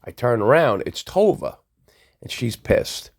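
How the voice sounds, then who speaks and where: A man telling a personal nightlife story in a casual, animated way, acting out the voices of people he quotes. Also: medium pitch, unhurried, creaky.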